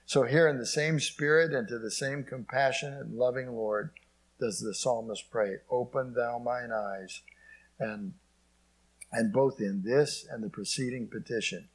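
Male pastor, husky sermon delivery with scripture readings and amen asides. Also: medium pitch, rough recording. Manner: preaching with frequent "amen" asides and scripture quotes.

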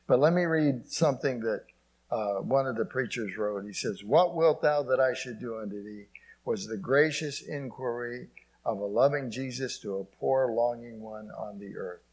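Husky-voiced preacher man. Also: mid-range voice, moderate pace, rough recording. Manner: preaching with frequent "amen" asides and scripture quotes. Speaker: pastor. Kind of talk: sermon.

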